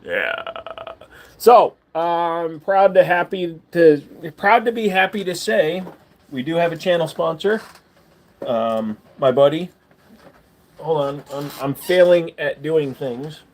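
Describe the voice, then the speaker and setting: A man's voice: a little high, animated, takes it slowly. A man hosting a casual livestream, rambling and joking while he talks to his dog between topics. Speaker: livestream host.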